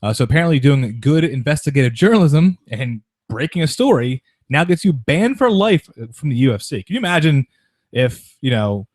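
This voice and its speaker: A man's voice: mid-range voice, very animated, a little mellow, no echo, studio quality. A man hosting a sports podcast, chatting casually about sports news in a rambling way, with lots of restarts. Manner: rapid, rambling, with frequent restarts and mocking quoted voices.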